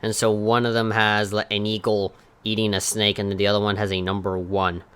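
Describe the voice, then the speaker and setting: A young man co-hosting a casual podcast, playful and jokey, with sudden silly shouted bits. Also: fairly low pitch, monotone, a little fast, clean tone. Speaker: podcast co-host.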